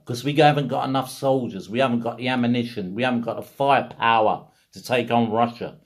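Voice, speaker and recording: A man's voice: mid-range voice, brisk. A man from England ranting in a casual monologue, full of rhetorical questions and repeated phrases. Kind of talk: casual political rant.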